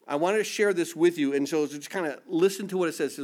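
A man's voice: on the high side, quick pace, few pauses, darkish tone. A man preaching a sermon, emphatic and repetitive, acting out the voices of scripture figures.

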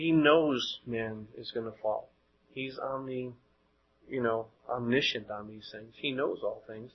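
Male preacher, husky voice, conversational sermon full of rhetorical questions; muffled lo-fi recording. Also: medium pitch. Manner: conversational, rhetorical questions, frequent word repeats.

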